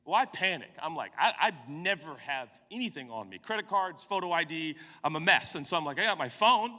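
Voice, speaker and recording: Pastor, male, 40s, bright lively storyteller, comic and self-mocking, big reverberant hall. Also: on the high side, fairly quick. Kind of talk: storytelling sermon.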